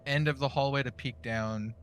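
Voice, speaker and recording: A man's voice: mid-range voice, steady tone, normal speed. A man playing a tabletop game, talking through his character's moves casually. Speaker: player.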